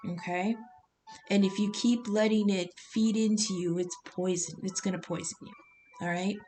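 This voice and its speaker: A woman's voice: medium pitch, steady tone, moderate pace, mellow, soft background music, rough recording. A woman giving a casual tarot reading on her own channel, talking in a rambling, conversational way and swearing now and then. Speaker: tarot reader.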